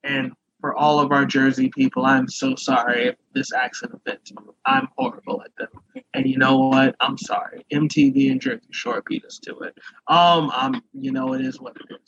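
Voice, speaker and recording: A man co-hosting a podcast, telling a profane, animated joking rant in casual chat. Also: medium pitch, moderate pace. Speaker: podcast co-host. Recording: dull lo-fi sound.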